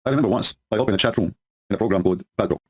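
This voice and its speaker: Fast-talking sarcastic man, husky. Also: lowish voice. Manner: sarcastic, mocking, broken English. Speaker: host of a religious debate stream. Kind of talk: mocking monologue.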